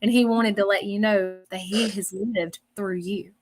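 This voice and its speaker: A woman giving a psychic reading on a livestream, emotional and apologetic, often saying she is sorry, with animated bursts as she acts out what she sees. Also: medium pitch, moderate pace. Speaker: psychic medium. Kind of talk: live-streamed reading.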